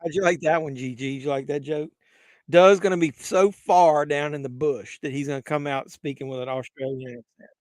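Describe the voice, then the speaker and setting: Male stream host, raunchy banter, laughs at his own gags, a bit high-pitched, dry room. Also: fairly even intonation, fairly quick, no room sound. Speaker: livestream host. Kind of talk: crude joking chat with live viewers.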